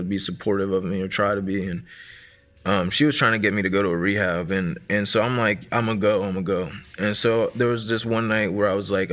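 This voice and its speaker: A man's voice: on the low side, sharp tone. A man in his thirties sharing a personal testimony in a casual, conversational way, full of fillers like "like" and "man".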